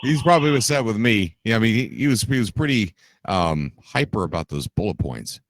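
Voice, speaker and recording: Lively laughing male streamer. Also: fairly low pitch, fairly quick. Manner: laughs often, lively and joking. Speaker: streamer host. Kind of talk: casual chat on a game stream.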